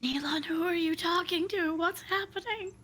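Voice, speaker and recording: A woman's voice: very high voice, moderate pace, a bit bright, soft background music. A woman playing a tabletop game, asking puzzled questions. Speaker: player.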